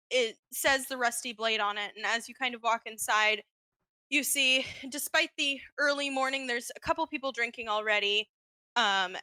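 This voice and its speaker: Woman GM, chatty and giggly, bright tone, dry. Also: a little high, no echo. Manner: chatty, laughing, many fillers. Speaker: game master. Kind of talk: narrating a tabletop game.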